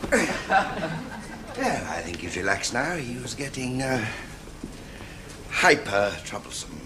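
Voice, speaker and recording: A pompous, hot-tempered psychiatrist. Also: male voice, mid-range voice, big pitch swings, slow. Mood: soothing patronising. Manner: coaxing and patronising, then bursts into shouting rages. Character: pompous male senior hospital psychiatrist, explosive temper. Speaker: hospital psychiatrist. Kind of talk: 1970s sitcom acting. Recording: studio audience laughter over noisy old broadcast.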